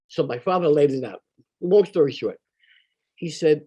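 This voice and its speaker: An older man telling a personal childhood story in an animated, conversational way. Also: a little high, measured pace, pauses often, breathy edge. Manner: animated, conversational, acts out quoted voices.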